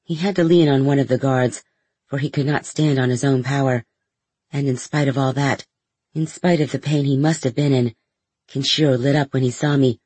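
A man reading a first-person novel aloud in a measured storytelling manner as an audiobook narrator. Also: medium pitch, steady tone, darkish tone, husky, no room sound.

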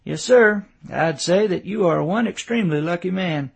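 A chatty, reassuring male doctor explains a patient's luck at length. A man with a gravelly, husky voice plays him. His tone stays easy and professional. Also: high voice, normal speed, pitched above the performer's own voice, heavily acted. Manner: reassuring, talkative.

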